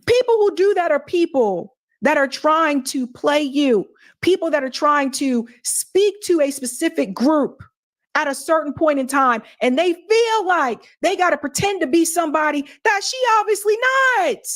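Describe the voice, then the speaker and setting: A woman's voice: sits high, expressive, moderate pace, dry recording, clean studio sound. A woman hosting a live stream, reacting to clips with indignant rhetorical questions.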